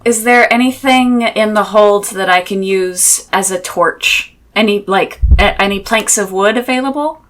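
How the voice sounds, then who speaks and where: A woman playing a tabletop game, asking questions and declaring her character's actions in a relaxed way. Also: mid-range voice, unhurried, hardly any pauses, slight background noise. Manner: inquisitive, relaxed. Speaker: player. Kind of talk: casual tabletop play.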